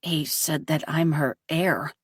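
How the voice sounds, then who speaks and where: A woman's voice: sits low, slow pace, slightly rough, no echo, studio quality, far from the mic, exaggerated voice. A woman reading the lines of an earnest teenage boy in a storybook, speaking plainly in her own voice. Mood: subdued. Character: teenage boy, son, shaken but hopeful.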